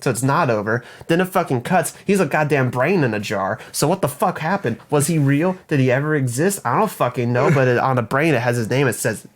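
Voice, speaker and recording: A man's voice: mid-range voice, lively intonation, a little fast, hardly any pauses. Profane young man recapping a film plot. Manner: profane, rambling plot retelling with mock voices for characters. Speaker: podcast co-host.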